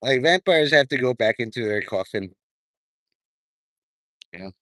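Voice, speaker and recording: A man's voice: mid-range voice, expressive, unhurried, bright, forceful tone, dry recording. Rambling, profane man talking to camera. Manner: profane, stream-of-consciousness, drifting between topics. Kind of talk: rambling monologue to viewers.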